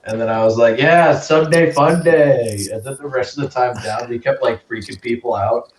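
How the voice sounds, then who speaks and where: A man's voice: medium pitch, fairly even intonation, brisk, a little mellow. A man co-hosting a casual podcast, telling stories in a rambling, profane way full of "like". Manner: rambling, profane storytelling with lots of "like". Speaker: podcast co-host. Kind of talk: casual chat. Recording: echoey room, distant mic, faint noise.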